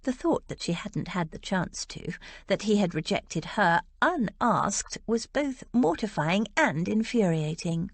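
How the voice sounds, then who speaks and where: A woman narrating an audiobook with expressive storytelling. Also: medium pitch, a little slow, dry recording. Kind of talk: scripted narration.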